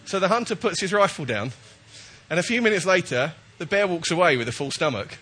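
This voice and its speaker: A man's voice: sits high, animated, brisk, sharp tone, slight background noise. A man preaching a chatty, jokey sermon while he has a cold, often checking in with his listeners.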